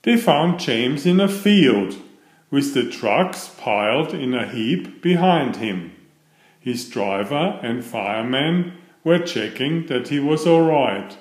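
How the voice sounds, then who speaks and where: Man reading a kids' book aloud, unhurried, lively pitch, roomy echo. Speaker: storybook reader. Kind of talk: children's read-aloud narration. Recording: echoey room.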